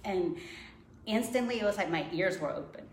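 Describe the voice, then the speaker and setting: A woman guest shares a personal faith story in casual conversation, laughing often and acting out her own past thoughts. Her voice is mid-range and her pace moderate, recorded in an echoey room with faint noise.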